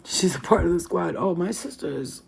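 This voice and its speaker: Woman, 30s, vlogger; husky voice, loose slangy storytelling full of swearing. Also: on the low side, moderate pace. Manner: animated, slangy, swears freely. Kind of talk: casual storytelling to camera.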